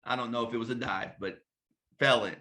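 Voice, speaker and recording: A man with a bright, forceful voice, chatting as a swim coach in an interview. He tells loose, animated stories and slips into bits of dialogue as he goes. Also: mid-range voice, brisk. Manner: lively anecdotes, acts out dialogue. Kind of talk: casual interview storytelling.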